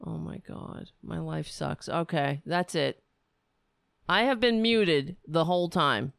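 A woman's voice: sits low, takes it slowly, vocal fry, no room sound, clean studio sound. A woman hosting a livestream, ranting angrily with profanity and self-mockery. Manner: angry, profane, self-mocking. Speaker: livestream host. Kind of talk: ranting commentary.

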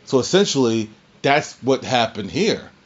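A man's voice: medium pitch, big pitch swings, a little slow, breathy edge, lo-fi sound. A man in his twenties, a podcast host, rambling through a casual recap with frequent restarts and the odd swear.

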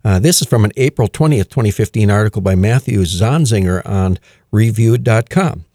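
A man hosting a radio music show, chatting casually with many fillers and reading news items aloud with quiet amusement. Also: lowish voice, moderate pace, no echo, clean studio sound. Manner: relaxed and chatty, with frequent "uh" fillers and chuckles.

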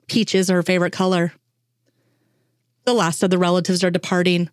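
Low-voiced woman reading a story aloud. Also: flat delivery, brisk, no echo, clean studio sound. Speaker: reader. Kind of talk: reading fan fiction aloud.

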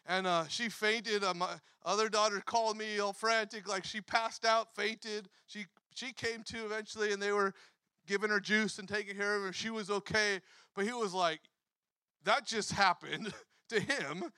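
High, bright-voiced man preaching, animated. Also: moderate pace, clean tone, dry recording. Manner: animated, acts out quotes, laughs often. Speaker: pastor. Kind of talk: sermon storytelling.

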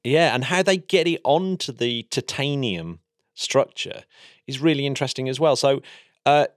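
A man's voice: medium pitch, expressive, normal speed, no room sound, clean studio sound. An English man talking enthusiastically in a casual science chat, explaining space engineering as a podcast co-host. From England.

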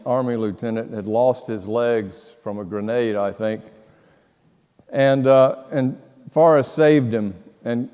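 A male pastor delivering a sermon at an unhurried, deliberate pace. His voice carries a long reverb from a church sanctuary. He tells stories dramatically, shifting between quiet hushes and loud outbursts. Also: mid-range voice. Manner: slow, dramatic storytelling with sudden loud outbursts and hushed passages.

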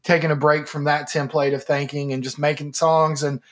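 A man's voice: fairly high pitch, little pitch movement, normal speed, a bit bright. A young man from Kentucky, a musician guest, telling rambling self-mocking stories in casual podcast chat. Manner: rambling, self-mocking storyteller with frequent restarts.

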